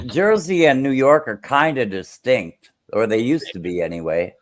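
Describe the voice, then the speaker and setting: A man's voice: mid-range voice, lively intonation, moderate pace. A man calling into a stream, talking bluntly and crudely in casual chat.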